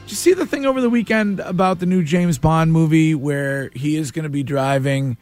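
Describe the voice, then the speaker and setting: A man's voice: on the high side, no echo, faint music behind. A man hosting a sports radio talk show, bantering casually and laughing often. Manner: animated, quick to laugh.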